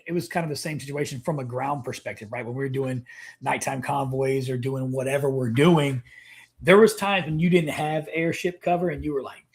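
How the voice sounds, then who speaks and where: A man's voice: medium pitch, fairly even intonation, brisk, husky. A man hosting a veterans' podcast, chatting casually and bluntly, with enthusiasm and casual swearing. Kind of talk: casual chat.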